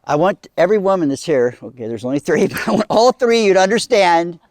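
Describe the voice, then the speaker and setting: A middle-aged man with a slightly high voice tells a comic tale to a small crowd. His delivery is casual and chatty, and he slips into the characters' lines as he goes. The sound is dry and close, with no room echo. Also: quick pace, a little mellow. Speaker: comedic storyteller. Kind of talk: live comedic storytelling to a small audience.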